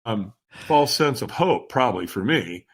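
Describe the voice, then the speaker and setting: A man, a podcast guest, telling a personal story in a lively, dramatic way and often addressing the host. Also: mid-range voice, measured pace, breathy edge. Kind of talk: animated storytelling.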